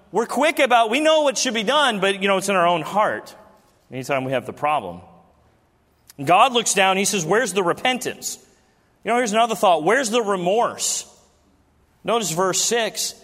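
A man's voice: sits high, big pitch swings, moderate pace, a bit bright. A man in his thirties preaching a sermon as a pastor, speaking conversationally and throwing rhetorical questions to his congregation in a church. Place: church sanctuary during a service. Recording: long reverb of a large hall.

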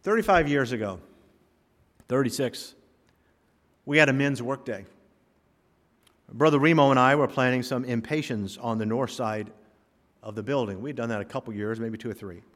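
A man's voice: medium pitch, normal speed, pauses often, fairly bright tone. A man preaching a sermon, telling stories with humor and driving home emphatic points. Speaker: pastor. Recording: long reverb of a hall.

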